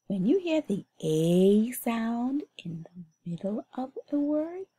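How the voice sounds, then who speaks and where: A Bahamian woman teaching a phonics lesson to young children, sounding out words slowly and clearly in a sing-song way. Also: fairly high pitch, very animated, warm tone.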